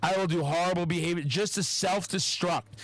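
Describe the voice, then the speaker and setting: High-voiced, expressive man on a podcast. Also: fairly quick, dry recording, low-quality recording. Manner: animated, heavy swearing, acts out quotes. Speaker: podcast host. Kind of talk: casual podcast chat.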